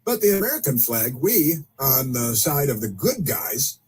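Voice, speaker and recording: Male host, husky, sarcastic, combative commentary delivery. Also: mid-range voice, very animated, moderate pace, darkish tone. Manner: combative, sarcastic, rambling asides. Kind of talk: political commentary monologue.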